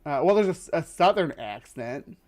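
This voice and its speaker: A male livestream host from the lower Midwest of the US, chatting casually and rambling with lots of fillers and restarts. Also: big pitch swings, moderate pace, darkish tone.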